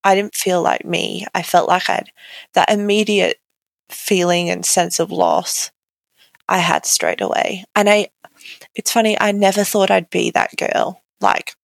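A woman's voice: mid-range voice, fairly even intonation, a little slow, gravelly, no echo. A young woman as an interview guest, telling her own story candidly and conversationally, with many "like" fillers. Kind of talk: personal account in an interview.

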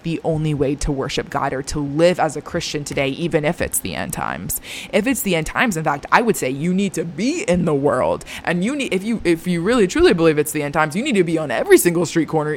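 A young woman talking candidly to her viewers as a Christian mom vlogger, earnest and confiding, with lots of filler words. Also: low-pitched. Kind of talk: candid personal talk to camera.

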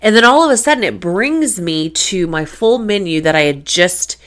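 A middle-aged woman hosts her faith-based show in a casual storytelling monologue. Her voice sits a little low, and she talks in a chatty, animated way, acting out her own reactions as she goes. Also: normal speed.

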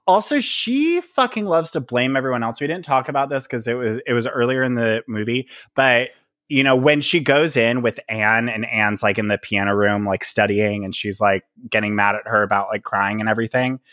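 A man co-hosting a podcast, giving his frank, chatty opinions on a film's characters. He swears casually and talks in a loose, conversational way. His voice sits at a middle pitch and sounds dry and close to the mic. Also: normal speed, fairly bright tone, dry recording. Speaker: podcast co-host. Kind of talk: casual film discussion.

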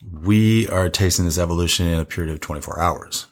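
A man's voice: deep voice, brisk. A man co-hosting a casual wine tasting show, chatty and rambling, laughing often.

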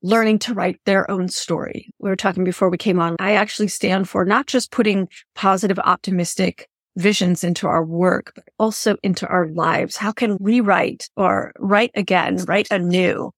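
A woman's voice: medium pitch, steady tone, moderate pace, hardly any pauses, dry recording, studio quality. A woman hosting an interview podcast, chatting in an earnest, effusive way and thinking aloud as she goes. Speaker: podcast host. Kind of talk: reflective interview chat.

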